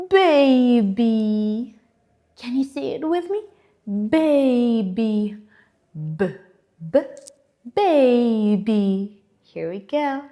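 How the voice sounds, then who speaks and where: Very slow, lively woman teaching phonics. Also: a little high. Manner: slow, clearly articulated, exaggerated letter sounds; encouraging, repeats and invites kids to join in. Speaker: English teacher for children. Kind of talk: children's phonics lesson.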